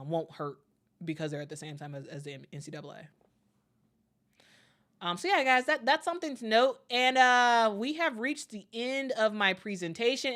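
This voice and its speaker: A woman's voice: mid-range voice, fairly bright tone. A woman hosting a live stream, chatting casually with viewers, full of fillers and repeated words, upbeat when she thanks people. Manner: friendly, upbeat when reading viewer messages.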